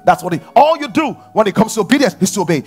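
A man's voice: sits high, lively intonation, rapid-fire, a little mellow, husky, faint music behind. A man preaching a sermon as pastor, building intensity with repeated rhetorical questions. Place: church.

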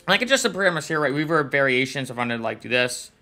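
A man's voice: mid-range voice, lively intonation, racing. A man hosting a casual plugin review show, chatting informally with fillers as he demonstrates sounds. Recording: trumpet music behind voice.

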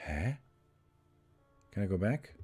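A man streaming a story game live, reading its text aloud haltingly, restarting lines and chatting with his viewers in between. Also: low voice, big pitch swings, a little mellow, slightly rough, faint music behind.

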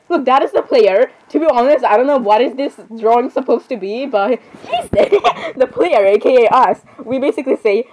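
A woman's voice: high-pitched, animated, normal speed, few pauses, a little mellow, low-quality recording. A woman giving casual game commentary, rambling, apologizing constantly and giggling at her own asides. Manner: rambling, keeps saying sorry, giggly asides. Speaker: gameplay commentator.

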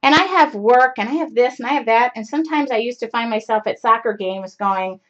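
A woman's voice: a little high, a little fast, fairly bright tone. Rambling chatty woman on a lo-fi stream. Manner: rambling, chatty, with many fillers. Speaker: craft show host. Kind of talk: casual live-stream chat. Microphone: computer mic on a live stream. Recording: dull lo-fi live-stream audio.

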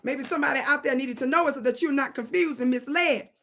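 A woman hosting her own channel in a storytelling commentary monologue. Her voice sits high, and her delivery is animated and preachy, full of wordplay. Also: fast. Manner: animated and preachy, plays with words. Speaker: channel host.

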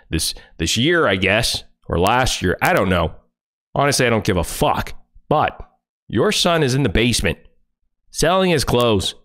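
A man's voice: on the low side, fairly bright tone. A man livestreaming, ranting furiously and confrontationally, full of profanity. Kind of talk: angry livestream rant.

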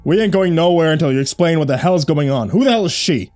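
A man doing a gruff skeptical boat captain. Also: on the high side, animated, fast talker, faint music behind, lightly acted. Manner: gruff, blunt.

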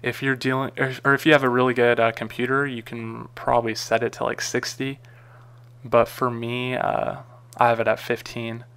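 Man, tutorial narrator; gravelly, smooth tone, loose rambling delivery. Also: mid-range voice, little pitch movement, normal speed, a bit bright. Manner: casual, rambling, frequent ums and uhs. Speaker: tutorial maker. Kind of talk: screen-recorded software tutorial.

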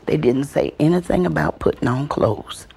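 A woman's voice: low voice, moderate pace, vocal fry, slightly rough. A woman telling family stories, calling out voices and then dropping to a whisper, recorded on an old VHS tape. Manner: animated, calls out voices, drops to whispers. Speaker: storyteller. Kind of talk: family storytelling.

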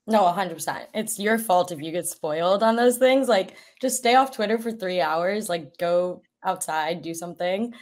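A woman's voice: fairly low pitch, normal speed, hardly any pauses, a little mellow. Chatty woman guest, full of "likes". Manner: chatty, filler-heavy, laughing easily. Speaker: podcast guest. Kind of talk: casual podcast chat.

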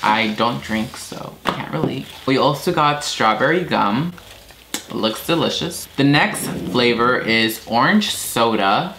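A man's voice: mid-range voice, expressive, takes it slowly. A young man chatting casually as host of his own vlog, unfiltered and swearing now and then. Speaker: vlogger. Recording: noisy home video.

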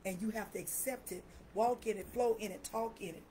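A woman's voice: mid-range voice, fairly even intonation, a little fast, warm tone, a little hiss or hum, poor audio. An older woman minister preaching and praying with fervent, repetitive declarations, often breaking into laughter. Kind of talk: live-streamed preaching and prayer.

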